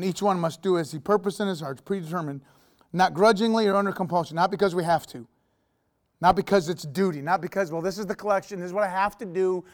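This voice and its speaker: A middle-aged man preaching a sermon as pastor, swinging between booming proclamation and hushed, intense asides. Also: quick pace.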